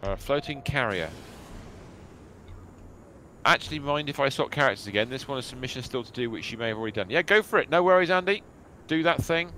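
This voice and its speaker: A British man chatting casually with friends while streaming a game, animated and quick to exclaim. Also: medium pitch, slight background noise.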